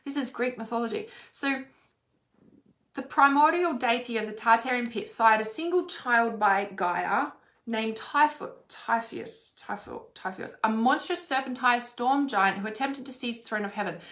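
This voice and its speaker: A woman's voice: on the high side, moderate pace, fairly bright tone. A woman telling a personal story in a casual, chatty way, swearing freely and saying "like" often. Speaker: spiritual content creator. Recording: roomy echo.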